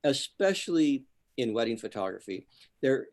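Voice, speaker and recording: A man in a photography club talk, giving feedback in a halting way, repeating words as he goes. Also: medium pitch, sing-song, a little mellow. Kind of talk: casual club discussion. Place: online club meeting.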